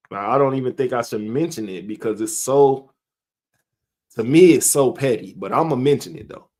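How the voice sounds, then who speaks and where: A man's voice: mid-range voice, moderate pace, long pauses, a little mellow. A middle-aged man hosting a live stream, talking casually in a rambling way, often chuckling and calling out viewers' names from the chat.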